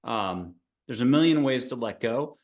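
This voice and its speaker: A man's voice: mid-range voice, animated, moderate pace, dull audio. A man hosting an interview podcast, reflective and playful as he asks questions. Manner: reflective, playful, laughs along. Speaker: podcast host. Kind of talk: casual interview chat.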